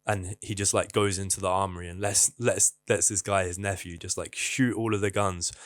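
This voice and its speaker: Blunt young man, low voice. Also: fairly even intonation, normal speed, dry recording. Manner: candid, blunt, swears casually. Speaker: vlogger. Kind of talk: casual advice monologue.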